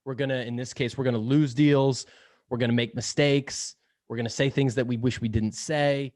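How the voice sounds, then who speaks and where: A man's voice: medium pitch, fairly even intonation, normal speed, a little mellow, no echo, clean studio sound. A young man speaking as a podcast guest in casual interview chat, rambling with lots of fillers, laughing often and swearing casually. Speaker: podcast guest, sales podcast host.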